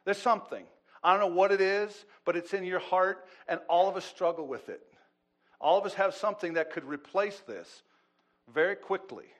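A middle-aged man preaching a sermon as pastor, swinging from loud, animated bursts to quiet asides. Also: high voice, moderate pace.

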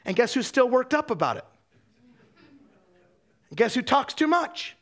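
A man's voice: extremely high pitch, very animated, measured pace, a bit bright. A man preaching a sermon, telling personal stories and asking the congregation rhetorical questions, often repeating words as he starts a sentence.

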